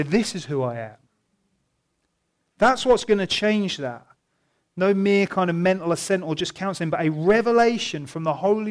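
A man preaching a sermon in a church, moving from quiet reflection to loud, emphatic declarations. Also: high-pitched. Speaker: pastor.

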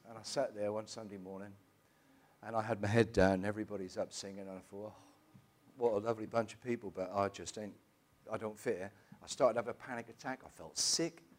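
A middle-aged man, telling his personal testimony in a church in an emotional, halting way with many restarts. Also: lowish voice, steady tone. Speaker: church member giving testimony.

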